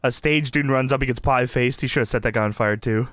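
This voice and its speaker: A man's voice: mid-range voice, quick pace, a bit bright, no room sound, clean studio sound. A man co-hosting a podcast, recapping an old wrestling show and often breaking into laughter. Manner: giggly, breaks into laughter often, acts out quotes. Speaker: podcast co-host.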